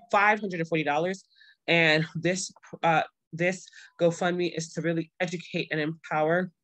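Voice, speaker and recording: A woman's voice: sits low, no room sound. Young woman host, casual earnest livestream talk, dry close sound. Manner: earnest and pleading, then overjoyed. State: pregnant. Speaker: show host.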